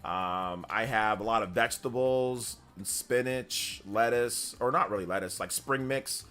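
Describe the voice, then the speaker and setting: A man hosting a casual gaming news livestream, chatting freely, reading out viewer questions and telling animated stories with frequent laughter. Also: lowish voice, measured pace. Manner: animated storyteller, laughs often, answers chat questions.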